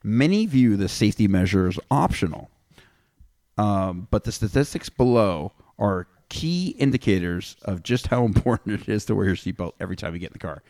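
A man with a low voice hosts a loose podcast chat. He reads figures aloud and breaks them up with crude asides. His mic sounds dry and close. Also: animated, normal speed, darkish tone, no echo. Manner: reads statistics with offhand jokes. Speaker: podcast host.

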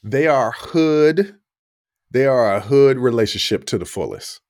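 A man's voice: mid-range voice, unhurried, no room sound, studio quality. A man co-hosting a podcast, chatting casually and animatedly, often laughing. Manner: animated, talks with his hands, laughs often. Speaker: podcast co-host. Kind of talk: casual chat.

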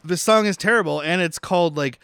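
A man's voice: on the high side, a little fast, a loud crowd. A man co-hosting a casual movie podcast, rambling, swearing casually and laughing often. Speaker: podcast co-host. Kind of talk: casual movie review chat.

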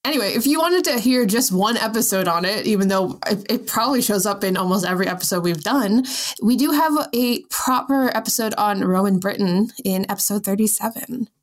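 With a mid-range voice and a fairly quick delivery, this young woman co-hosts a casual podcast conversation. She's playful, pokes fun at herself, and laughs frequently.

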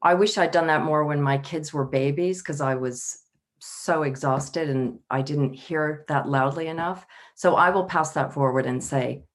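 A woman's voice: deep voice, fairly even intonation, unhurried. A woman in her fifties, a wellbeing consultant speaking as a panel guest, telling stories and laughing easily. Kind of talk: casual panel talk.

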